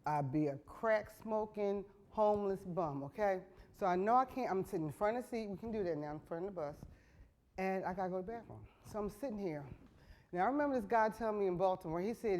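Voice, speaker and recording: Middle-aged woman talk show host, blunt comic storyteller, earthy, loud when excited. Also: mid-range voice, fast, a little hiss or hum. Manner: frank, earthy, builds to loud excited bursts.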